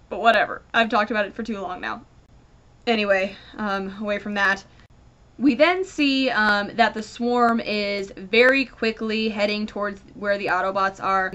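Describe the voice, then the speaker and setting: A woman giving a casual, rambling review of a comic, animated and full of fillers. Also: medium pitch, moderate pace.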